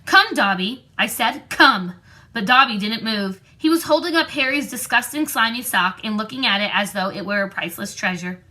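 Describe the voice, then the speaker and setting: A woman reading a storybook aloud in a clear, steady narrating voice. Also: on the high side, a little fast, few pauses. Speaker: audiobook reader.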